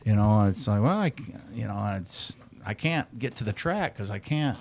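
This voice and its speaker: A man in his forties with a somewhat low voice, talking as a podcast guest. He is blunt and swears freely, yet reflective and candid about his feelings. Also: expressive, normal speed, a little mellow. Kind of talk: candid casual chat.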